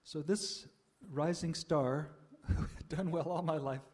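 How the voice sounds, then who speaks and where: An older man giving a reflective personal testimony to an audience, pausing often with "uh" and soft laughs. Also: fairly high pitch, fairly even intonation. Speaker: speaker sharing a spiritual life story.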